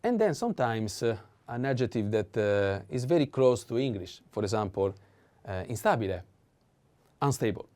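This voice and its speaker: A man gives a language lesson, saying each word several times at a slow, patient pace. His voice sits at an everyday pitch with a mellow, dark tone, and he pauses often with small fillers. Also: sing-song. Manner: patient, repeats words slowly, frequent fillers. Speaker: Italian teacher.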